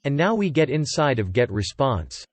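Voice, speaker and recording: A man giving scripted tutorial narration, reading plain instructions in short even sentences. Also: medium pitch, moderate pace, dry recording. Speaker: online marketing tutor.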